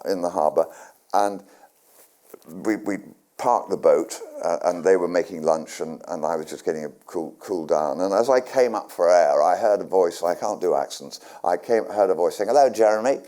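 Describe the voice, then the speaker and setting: A man's voice: low voice, normal speed, warm tone. An older man from England, guest at a stage interview, telling rambling anecdotes with restarts and dry humour. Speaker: guest actor. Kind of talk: storytelling on stage. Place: community centre hall with live audience.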